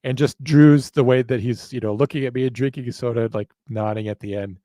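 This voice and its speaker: A man's voice: mid-range voice, fairly even intonation, fairly quick, warm tone, no room sound. A man hosting a live chat, rambling and self-mocking, laughing often. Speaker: show host.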